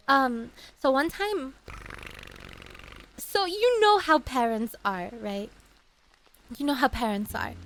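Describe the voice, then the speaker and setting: Soft music plays behind a young woman's live stream chat, where she laughs often and wanders from one tangent to another. Her voice is high and light, and she interrupts her stories to welcome viewers by name.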